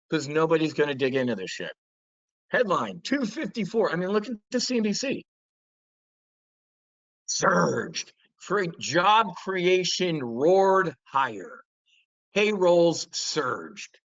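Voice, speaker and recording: A man's voice: fairly high pitch, very animated, takes it slowly, a bit bright, dry recording, muffled recording. A man hosting a trading show, delivering blunt, profane market commentary with mocking impressions.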